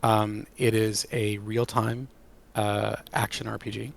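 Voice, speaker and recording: A man with a lowish, rough and gravelly voice answers interview questions about his work. He talks with eager, animated enthusiasm. The tone stays casual and conversational. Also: slow. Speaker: game creative director.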